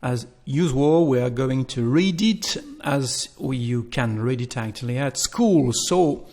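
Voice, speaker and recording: Slow, patient male teacher. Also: medium pitch, darkish tone. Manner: patient, repeats phrases slowly for learners. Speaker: French teacher. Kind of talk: slow spoken language lesson.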